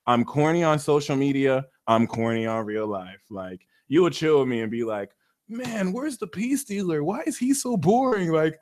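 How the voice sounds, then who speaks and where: A man hosting a live astrology Q&A stream, talking in a theatrical, excitable, jokey way. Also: mid-range voice.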